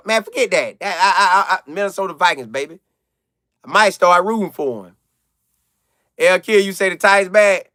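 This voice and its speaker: A high, bright-voiced man talks straight into a dry, close mic on a casual live stream. His delivery is loose and slangy, with a flavor, as he reads viewer comments and riffs on the game. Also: dry recording. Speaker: live-stream sports commentator reading chat.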